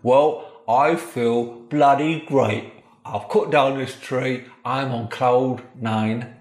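A man voicing a hapless 55-year-old husband who loves DIY, in a low gruff mutter. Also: fairly even intonation, slow, reverberant, natural voice. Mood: proud.

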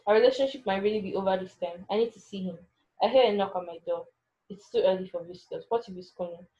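A woman's voice: mid-range voice, fast, muffled recording. A woman narrating a first-person story in an anxious, self-questioning way.

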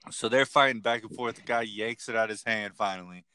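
Casual young man spinning a cussing anecdote, crisp clear voice. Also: fairly low pitch, fairly quick, no room sound. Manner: profane, rambling, animated storyteller. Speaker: podcast co-host. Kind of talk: casual storytelling chat.

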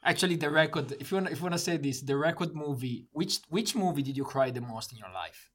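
A man's voice: on the high side, expressive, fast. A man in his thirties co-hosting a podcast, telling stories in casual chat with frequent laughs and fillers. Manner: laughing storyteller, non-native English with fillers. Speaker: podcast co-host.

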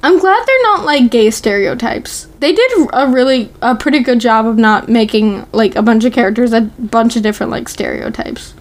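High-voiced chatty young-sounding woman. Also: expressive, normal speed, hardly any pauses. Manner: chatty, full of "like" and "um", giggly. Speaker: podcast co-host recapping a TV episode. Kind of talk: casual chat.

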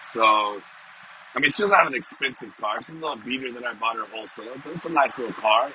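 A man's voice: mid-range voice, fast talker, rough recording. A middle-aged man and vlogger talking casually to his viewers in a rambling, conversational way. He often repeats himself and keeps checking in with "you know?". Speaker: vlogger and sales professional. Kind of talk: casual monologue to camera. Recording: steady background noise.

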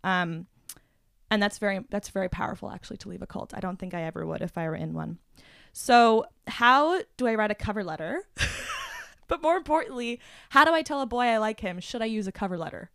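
A young woman hosting a casual chat, talking fast and playful with lots of "like" fillers. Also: medium pitch, animated, vocal fry, fairly bright tone, no echo, clean studio sound. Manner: chatty, filler-heavy, playful. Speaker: podcast host.

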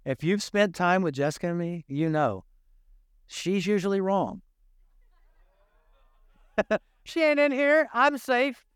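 A man's voice: high-pitched, clear, resonant tone, no room sound, clean studio sound. An older man, a grandfather and pastor, preaching a sermon in a conversational, joking way. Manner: conversational, jokey, animated preaching.

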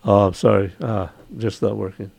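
An older man from Hawaii with a Hawaiian accent, hosting a casual radio chat, chatty and quick to laugh. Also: lowish voice, flat delivery, creaky, darkish tone, slightly rough, dry recording. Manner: chatty, laughs easily, imitates local sayings. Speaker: radio show host.

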